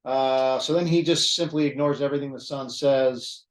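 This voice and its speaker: A man's voice: mid-range voice, steady tone, normal speed. A man leading a Bible study, talking through the text in a conversational way, thinking aloud and restarting phrases. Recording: echoey room.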